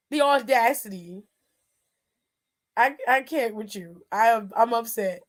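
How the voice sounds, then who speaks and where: Woman host, high voice, slow delivery, exasperated and laughing between lines. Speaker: show host. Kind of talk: casual reaction commentary.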